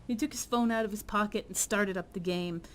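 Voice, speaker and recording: A woman's voice: medium pitch, a little fast, slight background noise. Woman reading a visual novel aloud. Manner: reads narration, chats casually between lines. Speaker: game narrator and co-host. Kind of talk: let's-play narration and chat. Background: game music.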